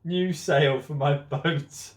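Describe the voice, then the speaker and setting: A man's voice: on the high side, steady tone, slow, echoey room. A man voicing an upset goat in a storybook reading, speaking in a woeful way.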